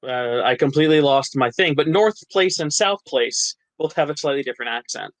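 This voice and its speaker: A man's voice: fairly high pitch, a little fast, no room sound, low-quality recording. A man from New Jersey, an actor and writer, chatting as a podcast guest, laughing often and restarting his sentences. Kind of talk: casual interview chat.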